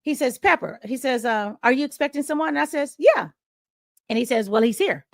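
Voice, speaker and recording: Middle-aged female radio host recounting a story, does all the voices, somewhat high pitch, dry and close. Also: fast talker, gravelly, no echo. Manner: acts out quoted dialogue with big pitch jumps. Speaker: radio host and podcast guest. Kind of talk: animated storytelling in an interview.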